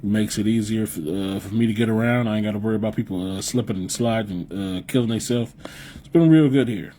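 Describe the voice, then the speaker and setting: A man's voice: fairly low pitch, fairly quick, dark tone, slight background noise. A young man from the US Midwest hosting a live podcast, chatting loosely and profanely with viewers and repeating himself as he rambles. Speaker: podcast host reading live chat. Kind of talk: casual live-stream chat.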